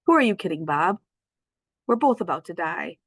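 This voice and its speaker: A woman's voice: lowish voice, big pitch swings, normal speed, creaky, breathy edge, no echo, heavily acted. A woman voicing a tough, sarcastic female dog in a storybook, scoffing and raising her voice.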